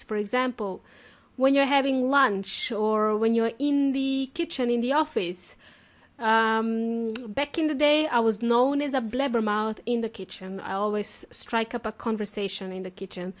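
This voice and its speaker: Chatty female podcast host, a bit high-pitched, casual teaching tone with easy laughs. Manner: chatty and talkative, laughs often. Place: lives in Australia.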